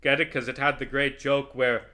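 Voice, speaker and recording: A man's voice: medium pitch, level tone, a little fast, pushed and bright. A man rambling through casual commentary while playing a video game, swearing freely and swinging into heated rants.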